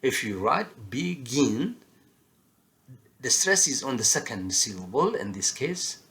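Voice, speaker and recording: A man teaching a grammar lesson, explaining spelling rules with many pauses and filler sounds. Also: medium pitch, sing-song, sharp tone. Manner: halting, frequent filler pauses, slow and deliberate explanations. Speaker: English teacher.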